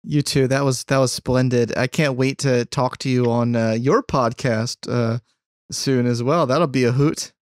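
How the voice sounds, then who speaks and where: A man hosting a podcast interview, encouraging his guest with quick affirmations. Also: mid-range voice, fairly even intonation, no echo, studio quality. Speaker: podcast host. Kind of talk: conversational interview.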